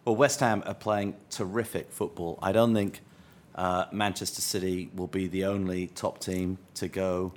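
A man's voice: low voice, level tone, normal speed, hardly any pauses. A man co-hosting a football podcast, laconic, mostly giving short agreements and brief opinions. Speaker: podcast co-host. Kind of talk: casual football chat.

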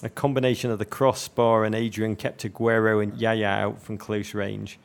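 A man's voice: on the low side, flat delivery, moderate pace, vocal fry. A man from North West England co-hosting a football podcast, talking in a florid, joking way full of vivid comparisons. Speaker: podcast co-host. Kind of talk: comic football chat.

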